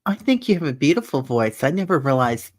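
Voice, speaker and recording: Friendly woman guest, lively pitch. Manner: friendly, quick agreeing interjections. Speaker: guest psychic medium. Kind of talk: casual livestream chat.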